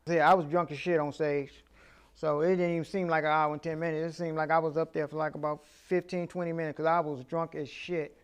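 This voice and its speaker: Animated, foul-mouthed man in his fifties. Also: fairly high pitch, brisk, smooth. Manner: animated, profane storyteller. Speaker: comedian guest. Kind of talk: casual storytelling interview.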